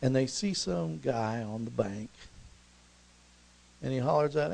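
A middle-aged man preaching a storytelling sermon, conversational and animated, and acting out scenes along the way. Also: mid-range voice, normal speed, gravelly, dry recording, poor audio.

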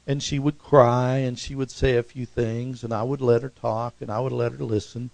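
Male pastor, sermon delivery, heavy vocal fry, mid pitch, emphatic peaks and hushed drops. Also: little pitch movement, moderate pace, few pauses, no echo, poor audio. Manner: rises to emphatic peaks, then drops soft and low; preaching with congregational call-outs.

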